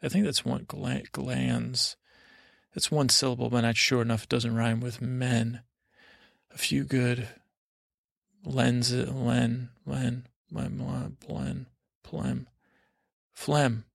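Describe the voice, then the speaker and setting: A middle-aged man hosting a bedtime podcast, rambling slowly through a meandering story with many fillers and restarts. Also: medium pitch, steady tone, gravelly, no room sound, clean studio sound. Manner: slow and unhurried. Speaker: podcast host.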